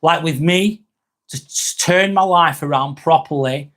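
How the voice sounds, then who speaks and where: English guy hosting a live vlog, slightly high voice, candid and rambling. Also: unhurried, a bit bright. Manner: candid, rambling, reads viewer comments aloud. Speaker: live-stream host. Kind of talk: casual live-stream chat.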